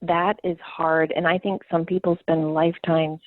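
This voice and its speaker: A woman's voice: low-pitched, level tone, moderate pace, no room sound. A woman hosting a podcast who talks candidly about her family and laughs often. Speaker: podcast host. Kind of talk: casual conversation. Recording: tinny phone-like line, dry.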